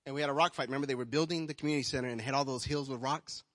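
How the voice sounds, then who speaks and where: A male pastor preaching a sermon, telling personal stories and swinging between soft asides and loud, emphatic calls to the congregation. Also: mid-range voice, steady tone, very fast. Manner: storytelling, swings from quiet to loud. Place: church hall. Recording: long hall reverb.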